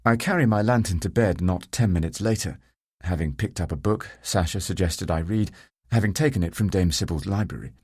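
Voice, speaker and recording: A man reading a first-person novel as an audiobook narrator, measured and calm. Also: deep voice, husky, dry recording, clean studio sound.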